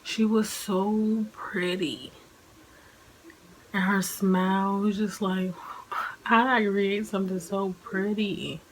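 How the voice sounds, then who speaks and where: A woman's voice: medium pitch, fairly even intonation, slow, long pauses, a little hiss or hum, low-quality recording. A woman in her twenties, a vlogger chatting casually about her own experience, saying "like" often and laughing as she talks. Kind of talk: casual personal storytelling.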